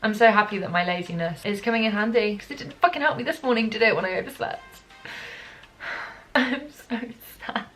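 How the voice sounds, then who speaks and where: Young girl rambling to camera at home, excitable, jokes at her own expense, ordinary mid voice. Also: mid-range voice, racing, few pauses, soft background music. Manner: chatty, excitable, self-mocking. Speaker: beauty vlogger. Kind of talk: casual chat to camera. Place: at home during lockdown.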